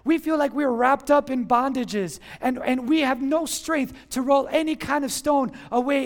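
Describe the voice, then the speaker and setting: A pastor preaching a sermon at a church service, impassioned, rising into shouts and calling on the congregation to respond. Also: high-pitched, normal speed, hardly any pauses.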